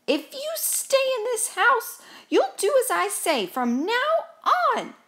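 A woman voicing a friendly, worried male ghost in a storybook read-aloud, calling out in a high, drawn-out voice. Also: big pitch swings, creaky, exaggerated voice. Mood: commanding. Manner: high, loud and drawn-out calls. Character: friendly fretful male ghost, stern when pushed.

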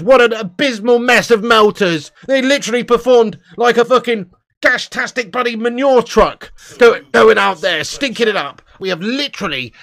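A man's voice: high voice, a bit bright. A man ranting and swearing through a live football watchalong, full of exasperated outbursts. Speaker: football fan streamer.

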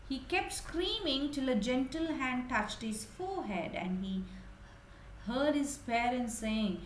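A woman teacher explaining a story to young children, animated and asking them questions. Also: a little high, takes it slowly, echoey room, slight background noise, rough recording.

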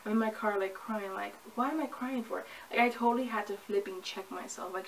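Chatty young woman with a gravelly edge. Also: medium pitch, brisk, distant mic, rough recording. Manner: chatty, rambling, self-laughing. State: hot and sweaty. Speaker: vlogger. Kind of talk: casual pregnancy vlog to camera. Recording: from the mic with faint ambient noise.

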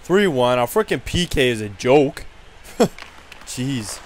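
Brief: man playing a rowdy, dim hockey goon who trash-talks, lively swooping voice, slow drawl. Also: medium pitch. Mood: brash. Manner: rowdy trash talk, frequent laughs. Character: brash dim-witted young male hockey goon. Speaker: gaming video creator. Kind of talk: in-character gameplay commentary.

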